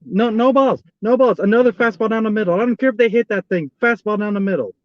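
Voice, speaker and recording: A man's voice: high voice, quick pace, no room sound, muffled recording. A man giving live fan commentary on a baseball game, exasperated and repeating the same pleas over and over. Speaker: fan streaming a live baseball watch-along.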